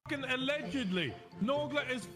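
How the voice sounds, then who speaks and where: A man's voice: extremely high pitch, animated, normal speed, over music. A man gaming with friends, cracking jokes and playful jabs. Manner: wisecracking, mock-legal jokes. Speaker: gamer. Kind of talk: casual chat while gaming.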